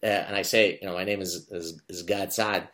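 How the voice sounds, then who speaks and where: A middle-aged man from Lebanon hosting a conversational interview, telling animated stories with many fillers and restarts. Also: deep voice, brisk. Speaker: podcast host.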